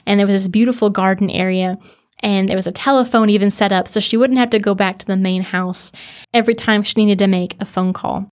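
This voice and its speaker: A woman's voice: medium pitch, fairly even intonation. Earnest woman narrating a history podcast. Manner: earnest, conversational, slows down for dramatic emphasis.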